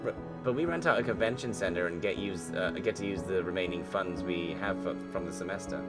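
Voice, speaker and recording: A man voicing a prim, proud mother in a story game, with a lifted, quick and proper delivery. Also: low voice, loud music behind the voice.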